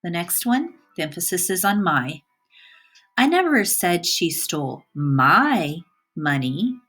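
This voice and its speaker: A woman's voice: sits low, a bit bright. Teacher woman narrating a recorded lesson. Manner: clear, deliberate, stresses single words for emphasis.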